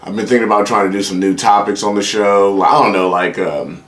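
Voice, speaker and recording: A man's voice: lowish voice, fairly even intonation, fairly quick. A man hosting a casual solo comedy show, rambling and profane, talking straight to his audience. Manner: rambling, profane, acts out quoted voices. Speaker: comedy podcast host. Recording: echoey room with faint ambient noise.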